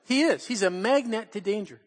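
Older male pastor, high-pitched and animated, storytelling sermon, long reverb in a church. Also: a little fast. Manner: animated, acts out quotes, laughs often. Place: church in Portland.

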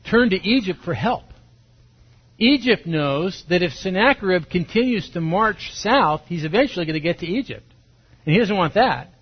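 Male pastor, husky and a touch high, chatty verse-by-verse sermon, muffled lo-fi capture. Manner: conversational, asks listeners questions, acts out quotes. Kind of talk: sermon, verse-by-verse Bible teaching.

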